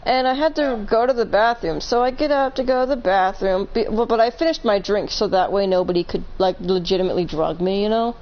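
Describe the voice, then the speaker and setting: A woman's voice: medium pitch, fairly quick, few pauses, dull audio. A woman casually telling a long story on a live stream, rambling, correcting herself and laughing between points.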